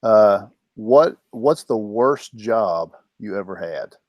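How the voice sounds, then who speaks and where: A man's voice: lowish voice, expressive, takes it slowly, darkish tone, dry recording, clean studio sound. A man co-hosting a casual talk show, joking and teasing his guests. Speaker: podcast co-host. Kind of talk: casual chat.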